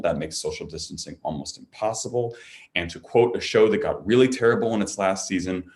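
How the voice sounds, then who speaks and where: A man speaking to an audience in a heartfelt, earnest appeal for a charity, climbing louder and higher as he presses his point. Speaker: performer making a charity appeal.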